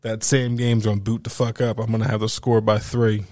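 A man hosting a home podcast, telling an animated, profane story in casual chat and acting out the voices of the people he quotes. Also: lowish voice, a little fast, no echo, studio quality. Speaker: podcast host.

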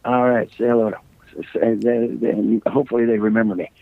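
A man's voice: mid-range voice, steady tone, moderate pace, creaky, dry recording. A middle-aged man, a rock singer, chatting loosely as a guest, his voice a little scratchy, joking and rambling through stories. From United States. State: slightly scratchy voice. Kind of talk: casual interview chat. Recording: dry, tinny call line.

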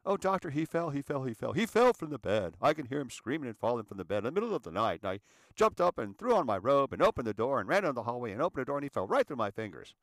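A man's voice: medium pitch, sing-song, fast, no echo, clean studio sound. A man voicing a flustered man making excuses to a doctor, pleading and repeating himself.

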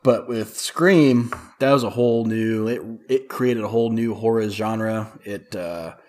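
A man's voice: lowish voice, measured pace, a little mellow. A man who is a podcast guest, chatting casually and telling rambling stories full of "like.". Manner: rambling storyteller, heavy use of "like". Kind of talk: casual chat.

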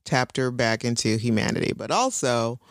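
A woman co-hosting a casual chat that recaps a TV episode, animated, laughing often and swearing as she acts out the characters. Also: a bass voice, normal speed, no echo, clean studio sound. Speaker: podcast co-host.

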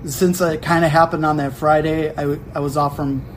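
A young man hosting a casual podcast from home, telling a story in an animated way and acting out quick quotes. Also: a little high, slight background noise, poor audio. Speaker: podcast host. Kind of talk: casual chat.

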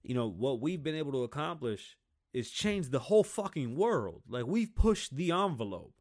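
A man hosting a podcast, ranting in a profane, heated solo monologue, often mocking people in loud voices. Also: mid-range voice, very animated, normal speed, no room sound, studio quality. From United States. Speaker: podcast host.

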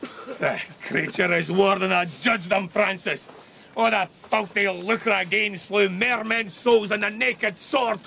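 Indignant Scottish magistrate; raised, gravelly voice, old hissy radio-drama sound. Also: male voice, high-pitched, slow, bright, forceful tone, heavily acted. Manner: indignant, lawyerly, blustering. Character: fussy Glasgow merchant and magistrate, indignant.

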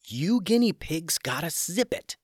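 A man's voice: fairly high pitch, very animated, measured pace, husky, no room sound, clean studio sound, voice pushed up, exaggerated voice. A man voicing a bold, watchful adult woman hero in a children's story, giving urgent orders. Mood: hushed bossy. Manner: urgent, commanding whisper to shout.

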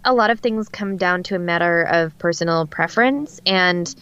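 A woman's voice: on the low side, moderate pace, a bit bright, clean tone, no room sound. Chatty West Coast woman, dull lo-fi mic. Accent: General American, West Coast. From Alaska. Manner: chatty, laughs often, lots of fillers. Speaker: guest voice actor. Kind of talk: casual podcast chat.

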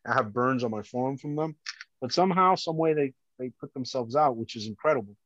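A man, a former police officer and podcast guest, earnestly recounts a harrowing personal story, often halting and restarting. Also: medium pitch, fairly bright tone, no room sound. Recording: dull lo-fi dry sound.

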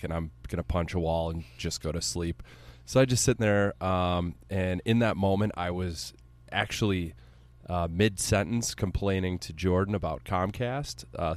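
Deep-voiced excitable man. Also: no room sound. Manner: excitable, joking, profane storytelling. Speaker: podcast co-host. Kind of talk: casual sports podcast chat.

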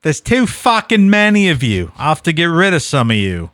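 A man's voice: fairly high pitch, huge pitch swings, moderate pace, fairly bright tone, dry recording, studio quality, pitched above the performer's own voice. A man voicing a furious, unhinged woman with a knife, in a put-on Australian accent. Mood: menacing. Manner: mock quote read in a put-on accent.

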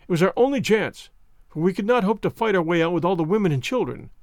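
A man's voice: high voice, animated, fast, no room sound, studio quality. A man reading an audiobook, voicing a bitter, hunched old ex-soldier who talks in agitated outbursts. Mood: recounting.

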